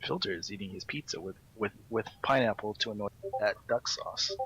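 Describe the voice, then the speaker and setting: A man co-hosting a casual stream, reading out viewer questions in a relaxed way. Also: on the low side, fairly quick, vocal fry, a little hiss or hum, rough recording.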